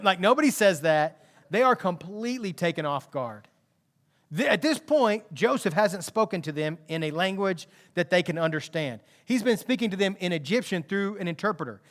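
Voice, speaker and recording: A man preaching a sermon as pastor, retelling a story with animated emphasis and conversational asides. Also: high voice, moderate pace.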